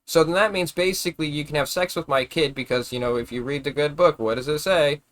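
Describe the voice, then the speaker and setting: A man's voice: on the high side, fast talker, fairly bright tone, dry recording. Profane, rambling man ranting. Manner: rambling, profane, argumentative, with frequent stammered restarts. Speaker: live streamer. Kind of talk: casual ranting monologue.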